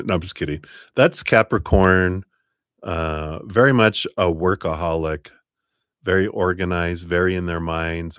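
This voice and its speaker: A man with a very low voice reads tarot cards for viewers on a live stream. He talks in a chatty, easygoing way, laughs often and drags out words for emphasis, and the sound is dry and close. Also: no echo. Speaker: tarot reader.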